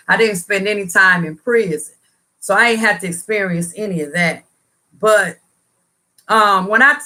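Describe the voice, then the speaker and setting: A woman's voice: mid-range voice, bright, forceful tone. A woman hosting a casual livestream, talking earnestly in a preachy, slangy way and repeating phrases for emphasis. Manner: colloquial, slangy talk. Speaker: livestream host answering viewers. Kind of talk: casual live chat, motivational testimony.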